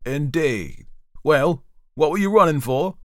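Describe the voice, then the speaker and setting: A severe old-fashioned magistrate played by a man reading aloud, louder and higher than the narration, snapping out brisk, scolding questions. The sound is dry and close, in a storybook telling. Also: animated, no echo. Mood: stern. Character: stern, severe male magistrate.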